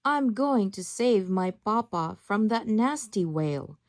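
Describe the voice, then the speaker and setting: A woman's voice: medium pitch, animated, takes it slowly, dry recording. A woman reading a storybook aloud, voicing a brave wooden puppet boy in an eager, determined tone.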